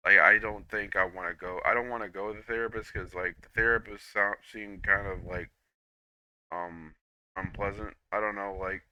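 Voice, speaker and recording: A young man rambling through a personal monologue, halting with frequent restarts and repeats, swearing freely, on a dull lo-fi recording. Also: fairly low pitch, steady tone, bright, forceful tone, a little hiss or hum.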